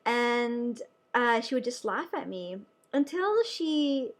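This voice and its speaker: Bright-voiced chatty young woman nurse. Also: fairly high pitch, slow pace. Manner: animated, chatty, many fillers. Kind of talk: casual personal storytelling to camera.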